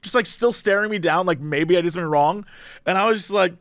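High-voiced man telling a rambling story. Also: fast talker, no room sound. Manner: animated, rambling, self-interrupting. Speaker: podcast co-host. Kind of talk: casual storytelling chat.

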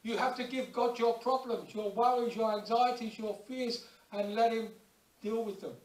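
A man preaching a lively sermon in a church, acting out little everyday scenes and prayers as he goes. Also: extremely high pitch, normal speed. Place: church hall. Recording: echoey church hall, distant mic.

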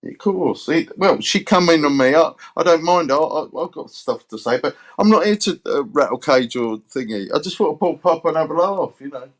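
A man's voice: fairly high pitch, expressive, normal speed, few pauses. A man chatting casually as a livestream guest, rambling and hesitant with lots of fillers.

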